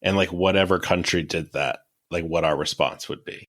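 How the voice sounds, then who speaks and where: A man co-hosts a history podcast in easy, laid-back chat, reacting quickly to his partner. His voice sits very low in pitch. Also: fairly even intonation, fairly bright tone. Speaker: podcast co-host.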